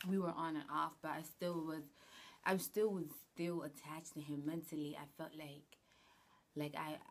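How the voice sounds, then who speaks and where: A woman's voice: low-pitched, slight background noise. A woman vlogger telling a personal story in a casual, blunt, slangy way, swearing often. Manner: blunt, slangy, swears a lot, animated retelling.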